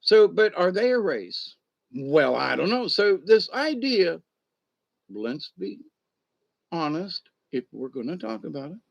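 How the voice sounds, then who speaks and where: Guy rambling on his own, voice sits a bit high and jumps around a lot, keeps restarting lines, dry sound. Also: sing-song, unhurried, vocal fry, dry recording. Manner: rambling, acts out imagined back-and-forth conversations; many restarts and repeated words. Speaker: commentator. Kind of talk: casual spoken monologue.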